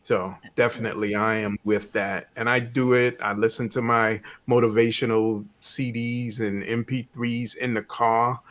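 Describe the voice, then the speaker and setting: A man's voice: medium pitch, level tone, normal speed, few pauses, fairly bright tone. A man speaking as a panelist, agreeing easily and talking in a laid-back way. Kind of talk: casual panel discussion.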